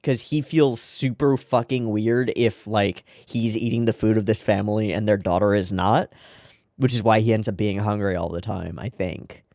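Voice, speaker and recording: A man's voice: lowish voice, fairly even intonation, normal speed, darkish tone, dry recording, clean studio sound. A man hosting an anime reaction show, talking casually and emotionally and swearing freely as he comments.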